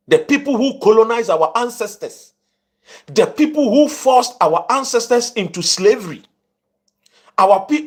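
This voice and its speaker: A man's voice: high voice, a bit bright, slightly rough. A man with a Ghanaian accent giving impassioned political commentary, indignant and fiery, mixing Twi and English.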